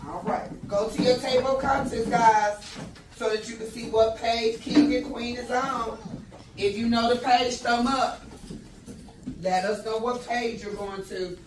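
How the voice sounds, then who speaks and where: A woman's voice: a little high, fairly even intonation, measured pace. A woman teacher leading a classroom phonics lesson, calling out prompts and praise to her students. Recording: echoey, distant classroom with loud noise.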